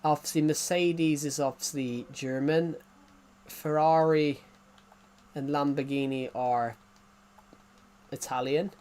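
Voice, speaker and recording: A man's voice: a little high, fairly even intonation, slow, long pauses, darkish tone. Rambling English man streamer, chatty. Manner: rambling, repeats and restarts phrases. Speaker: live streamer reading chat. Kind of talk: casual chat to stream viewers.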